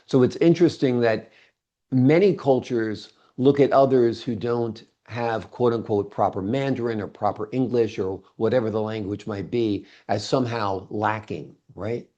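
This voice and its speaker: A man with a low, dark, mellow voice hosts an interview and chats in an easy, agreeable way. The recording sounds dull and lo-fi. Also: normal speed. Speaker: interview host. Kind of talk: casual conversational interview.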